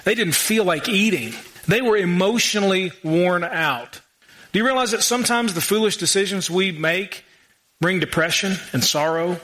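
A man's voice: a little high, fairly bright tone. A man preaching a sermon in a small church, asking the congregation rhetorical questions with casual asides. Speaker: pastor.

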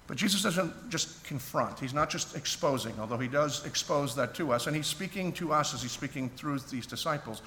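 A man's voice: a little high, lively intonation, normal speed, hardly any pauses, fairly bright tone. A man pastor preaching a sermon in a church, earnest and conversational, often restarting his sentences. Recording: echoey hall, faint background noise.

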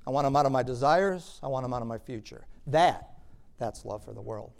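A man preaching a sermon, moving between quiet, conversational explanation of scripture and loud, emphatic preaching. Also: mid-range voice, a little fast, vocal fry. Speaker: pastor.

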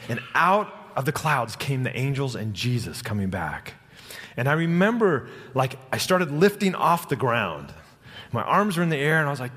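Middle-aged guy preaching in church, earnest and storytelling, mid-pitched voice, lots of hall echo. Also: a bit bright. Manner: earnest, personal storytelling with dramatic slow-downs. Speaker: pastor. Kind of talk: sermon. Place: church sanctuary. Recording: long hall reverb.

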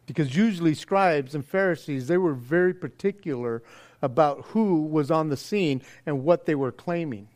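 A man's voice: on the high side, moderate pace, a little mellow. A man preaching a conversational sermon, earnest and casual, with stammering restarts, and often acting out the voices he quotes. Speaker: pastor.

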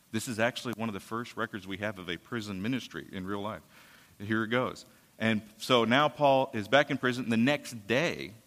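A man's voice: fairly low pitch, a bit bright. A man preaching a sermon, retelling a scripture story in a casual, conversational way. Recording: long hall reverb.

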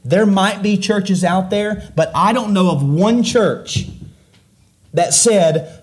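Pastor, male, middle-aged, slightly high voice, delivers a sermon full of rhetorical questions, swinging loud and soft. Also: takes it slowly. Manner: preaching with rhetorical questions, pitch rising and falling widely.

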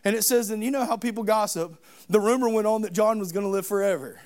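A man preaching a sermon, telling the story in an animated, humorous, conversational way. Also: high-pitched, quick pace.

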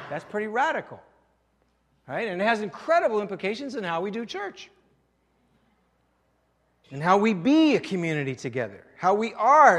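A French Canadian pastor preaching a sermon, leaning hard on key phrases with loud emphasis and then dropping low and quiet. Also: male voice. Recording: long hall reverb.

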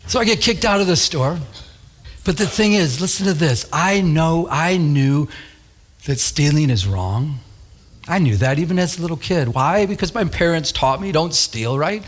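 A man preaching a sermon, telling a childhood story in an animated way and acting out the voices. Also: a little high, normal speed. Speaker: pastor.

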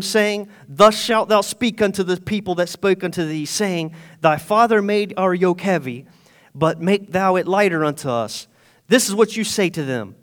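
High-voiced man preaching a sermon. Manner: retells scripture in casual paraphrase, swings between loud and hushed. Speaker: pastor. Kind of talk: sermon with scripture reading.

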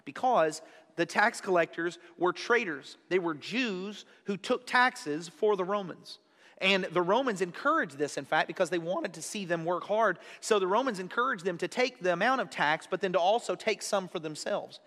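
A man with a high voice preaches a sermon as a pastor. He explains in a relaxed, conversational way and repeats key lines to drive them home. His voice rings with the long reverb of a large hall. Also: moderate pace. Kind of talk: expository sermon.

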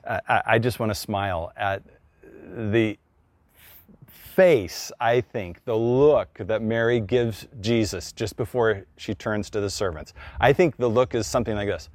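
A man's voice: lowish voice, measured pace, no room sound. A middle-aged man, a pastor, preaching a conversational sermon and acting out the people he quotes.

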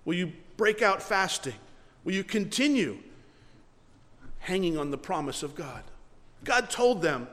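A man preaching a sermon, earnest, swinging between loud emphasis and quiet, soft passages, closing in prayer. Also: sits high, big pitch swings, a little slow, pauses often, long reverb tail. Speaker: pastor.

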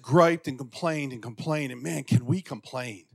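A pastor telling a personal story from the pulpit, acting out voices in a raised pitch and sinking to quiet, intimate passages. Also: male voice, moderate pace, creaky. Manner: animated, acts out quotes in a raised pitch. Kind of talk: sermon storytelling.

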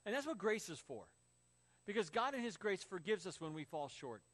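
High-voiced pastor preaching with lively stories. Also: male voice, moderate pace. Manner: storytelling with acted quotes and laughs. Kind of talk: sermon.

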